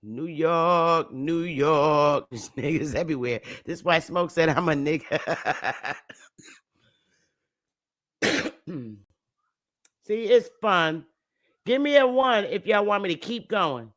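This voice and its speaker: A woman's voice: deep voice, lively intonation, slow, pauses often. A woman hosting a casual livestream, talking loosely and profanely and laughing often as she goes. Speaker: livestream host.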